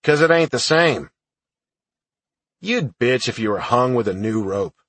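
A man voicing a gruff, sarcastic older army sergeant who barks dry retorts, a character voice in an audiobook. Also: mid-range voice, expressive, unhurried, a bit bright, no echo. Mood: grumbling. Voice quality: gruff, barking.

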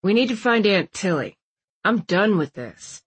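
Woman doing a low-voiced easygoing young man. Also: very animated, measured pace, husky.

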